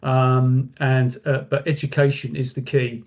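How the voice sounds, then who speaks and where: A man's voice: mid-range voice, level tone, a little slow, a little mellow, lo-fi sound. A man, a company director, speaking casually as a webinar guest, rambling with many fillers and restarts.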